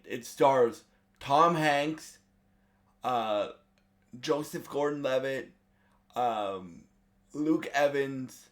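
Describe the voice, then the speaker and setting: A man reviewing a movie in a casual video, eager and halting, with many restarts and fillers. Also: medium pitch, fairly bright tone.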